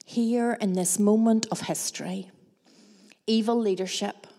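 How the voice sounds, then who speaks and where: A woman preaching a sermon, mixing scripture with personal stories in a measured, reflective way with dramatic pauses. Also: mid-range voice, steady tone, vocal fry, warm tone. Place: church hall. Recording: long reverb of a large hall.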